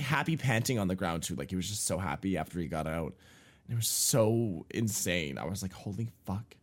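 A man co-hosting a podcast, telling a story in a casual, rambling way full of fillers and swearing, and getting loud and animated when he recalls the shock. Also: on the low side. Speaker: podcast co-host.

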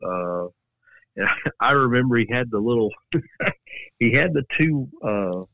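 A man co-hosting a casual podcast, speaking haltingly with many uh fillers. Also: mid-range voice, animated, gravelly, pushed and bright, dull audio. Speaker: podcast co-host.

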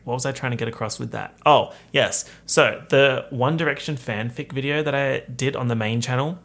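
A young man hosting his own podcast, talking casually in a chatty, campy, animated way. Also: medium pitch. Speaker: podcast host. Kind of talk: casual solo podcast chat.

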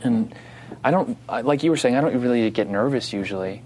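A man from New Jersey telling a story in casual chat, animated and laughing, acting out the other people's voices. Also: mid-range voice, a little fast, a little hiss or hum.

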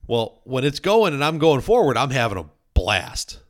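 A man's voice: mid-range voice, sing-song, normal speed. A young man, casually telling stories and filling his talk with "like". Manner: storytelling, heavy use of "like". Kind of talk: casual chat.

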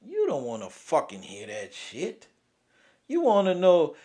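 A young man, hosting and venting about grief in a raw, profane way, swinging from loud outbursts to near-whispers. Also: fairly high pitch, wildly swooping pitch, moderate pace. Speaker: podcast host. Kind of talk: emotional personal venting.

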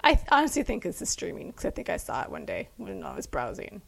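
A woman co-hosting a podcast, chatting in an animated, laughing way. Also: fairly low pitch, fast talker, gravelly. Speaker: podcast co-host. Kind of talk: casual chat.

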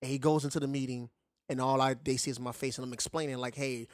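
A man's voice: medium pitch, steady tone, fast talker, no echo, clean studio sound. A man co-hosting a casual talk show, laid-back and slangy, often saying bruh. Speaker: podcast co-host. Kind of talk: casual chat.

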